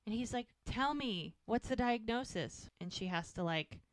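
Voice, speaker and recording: A woman's voice: on the high side, expressive, normal speed, no room sound. Chatty woman podcast host recapping scenes. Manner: retells scenes quoting characters, chatty. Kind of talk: casual rewatch podcast recap.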